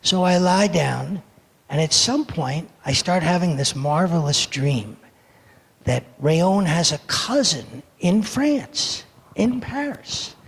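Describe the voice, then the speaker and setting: A man in his seventies from the United States telling a story for all ages in a service, animated and playful as he acts out the moments. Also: high voice, gravelly. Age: 70s. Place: sanctuary. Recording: echoey hall reverb.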